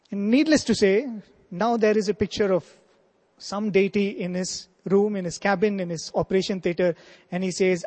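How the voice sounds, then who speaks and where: A man's voice: high-pitched, normal speed, darkish tone. A man telling a devotional story earnestly as a spiritual speaker, with asides like "you know". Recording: long hall reverb.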